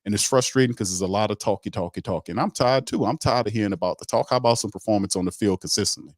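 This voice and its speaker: A man's voice: on the low side, very fast, no room sound, studio quality. A man hosting a sports talk show in a blunt, emphatic rant that repeats points for emphasis.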